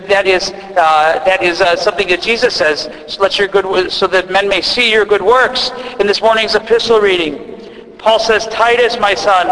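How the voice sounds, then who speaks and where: A high-voiced man with an Upper Midwest accent delivers a sermon. He talks in a relaxed, conversational way, restarting phrases and adding asides. His voice rings out with a long reverb in a church. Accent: Upper Midwest American. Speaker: priest.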